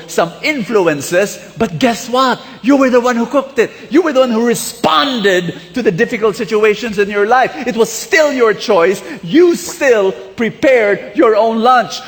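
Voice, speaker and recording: Animated Filipino-accented preacher. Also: male voice, high voice, in a large hall. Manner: animated, exhorting, storytelling. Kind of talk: sermon.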